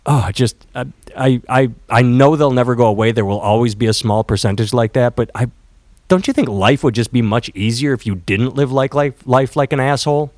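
A man's voice: mid-range voice, a little fast, a little mellow, dry recording. A man co-hosting a podcast in casual chat, candid and profane, telling stories with acted quotes. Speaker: podcast co-host.

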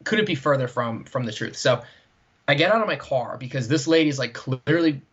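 Male co-host, husky voice, rambling anecdote style with many fillers, lo-fi dull recording. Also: medium pitch, lively intonation, moderate pace. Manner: rambling, heavy use of "like" and "right?". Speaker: podcast co-host. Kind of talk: casual storytelling chat. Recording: dull lo-fi sound.

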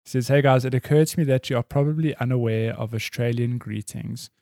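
A man's voice: mid-range voice, level tone, a little fast, vocal fry, dark tone, dry recording, studio quality. A man co-hosting a casual podcast, chatty and laughing often as he reads listener mail. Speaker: podcast co-host. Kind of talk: casual chat.

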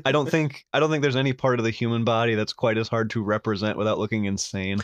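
A man's voice: fairly low pitch, steady tone, quick pace, dry recording, dull audio. A young man co-hosting a podcast in casual chat, telling stories earnestly with dry humor. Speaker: podcast co-host.

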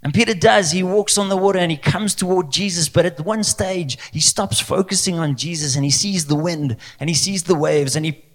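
A man's voice: high-pitched, normal speed, hardly any pauses. A male pastor preaching a conversational sermon, asking rhetorical questions. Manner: lively, conversational, asks the crowd rhetorical questions.

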